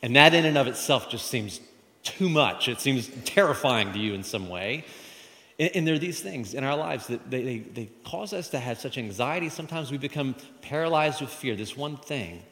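A man's voice: mid-range voice, lively intonation, moderate pace, a bit bright. A man preaching a sermon in a conversational way, repeating phrases and asking the congregation questions. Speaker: pastor. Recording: long hall reverb.

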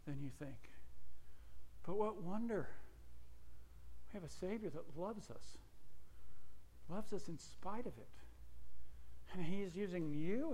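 Pastor preaching with dropping emphasis. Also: male voice, high voice, vocal fry. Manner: drops his voice at points of emphasis; animated storytelling with self-deprecating asides. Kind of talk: sermon.

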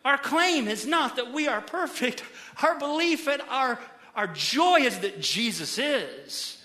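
A middle-aged male pastor giving an animated sermon in a church, moving between quiet emphasis and loud bursts. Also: extremely high pitch, takes it slowly. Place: church auditorium.

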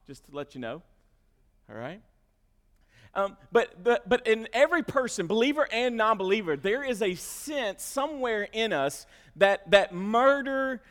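High-voiced preaching man in a reverberant hall. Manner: preaching with swings from quiet asides to loud emphasis; repeats words at the start of phrases. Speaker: pastor. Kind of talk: sermon.

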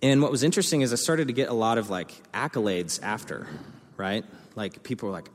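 A young man preaching a sermon as a pastor, telling a story with lively energy and acting out the voices of the people in it. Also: fairly low pitch, fairly quick. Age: young adult. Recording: long hall reverb.

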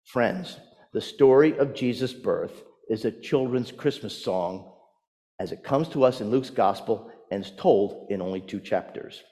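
A man's voice: lowish voice, unhurried, dark tone. A man, a pastor, preaching a sermon and telling stories with rising emphasis. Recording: long hall reverb.

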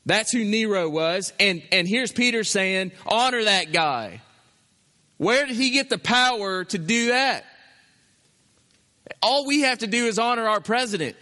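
Male pastor, sermon delivery, high bright voice, reverberant hall. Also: moderate pace. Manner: animated, acts out an imagined objector.

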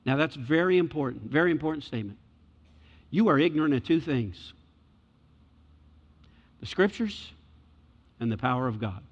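Preacher guy giving a sermon, kinda high voice, long echo, muffled sound. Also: normal speed, long pauses. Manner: animated, rises to excited high pitch when dramatizing. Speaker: pastor. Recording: dull sound with long hall reverb.

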